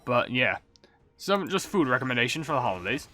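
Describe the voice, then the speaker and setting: A man casually reading out viewer comments as a gaming YouTuber, rambling and self-mocking, relaxed as if he just woke up. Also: medium pitch, brisk. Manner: rambling, self-mocking, swaps swear words for silly substitutes; relaxed and laid-back.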